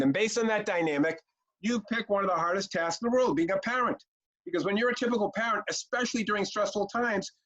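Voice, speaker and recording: A man presenting a parenting training webinar, talking directly and bluntly to his audience and now and then acting out parent and child exchanges. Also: sits high. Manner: direct, punchy, acts out parent and kid exchanges. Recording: muffled lo-fi webinar audio.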